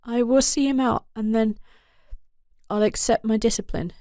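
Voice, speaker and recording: A woman's voice: steady tone, normal speed, warm tone, no echo, clean studio sound, natural voice. A woman voicing a desperate young woman who pleads in a raised voice. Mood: pleading. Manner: high, pleading.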